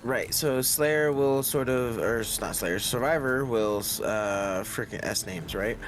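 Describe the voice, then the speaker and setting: A man's voice: medium pitch, slight background noise. A man playing a tabletop game, thinking aloud as he works out his moves. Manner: slow, thinking aloud while counting moves. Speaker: player. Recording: faint background music.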